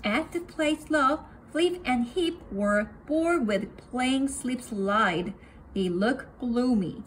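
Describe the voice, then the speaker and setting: A woman reading a children's picture book aloud with slow, careful pacing. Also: fairly high pitch, a little hiss or hum. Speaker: storybook reader.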